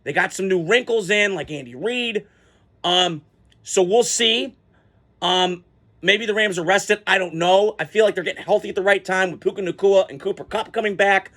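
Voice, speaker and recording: A man with a fairly high voice vents about his football team in a loose, rambling way, full of ums and restarts. He gets excitable and swears freely as he talks it through. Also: moderate pace. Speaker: sports vlogger. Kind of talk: casual fan reaction rant.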